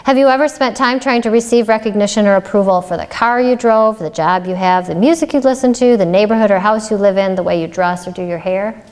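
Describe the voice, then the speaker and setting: A woman's voice: mid-range voice, fairly quick, darkish tone. A woman ethics lecturer giving a public lecture in a conversational way, posing rhetorical questions with occasional "um"s. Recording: long reverb of a lecture hall.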